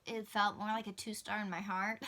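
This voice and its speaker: A young woman talks to camera in a bright, clear voice. She chats casually and gushes with enthusiasm, laughing easily as she goes. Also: mid-range voice, flat delivery, normal speed. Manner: chatty, gushing, laughs easily. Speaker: book vlogger. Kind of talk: casual book talk to camera.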